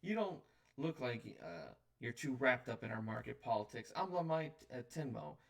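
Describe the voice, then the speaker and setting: A man voicing an excitable gnome woman vendor who stammers when flustered. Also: mid-range voice, moderate pace, vocal fry, far from the mic. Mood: indignant.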